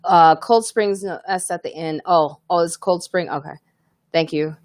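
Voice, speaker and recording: A woman's voice: fairly low pitch, normal speed, darkish tone, dry recording, studio quality. A woman comedian hosting a casual live podcast, talking candidly and reading viewer comments aloud.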